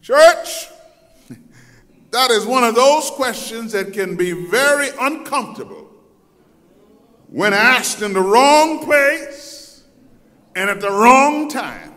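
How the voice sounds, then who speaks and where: Slow, bright-voiced man preaching in reverberant church. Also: very high voice, big pitch swings. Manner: dramatic storytelling preacher, acts out voices; swings from loud to soft. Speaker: pastor. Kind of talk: sermon. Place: church sanctuary. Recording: long hall reverb.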